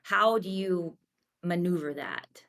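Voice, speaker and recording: A woman hosting a podcast in a bright, forceful voice that sits a little low. She asks her guest quick, friendly follow-up questions. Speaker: podcast host. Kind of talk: casual interview chat.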